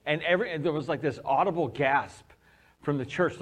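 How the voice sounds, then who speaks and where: A man preaching a sermon as pastor, telling a personal story with animated, acted-out quotes. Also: fairly high pitch, a little fast.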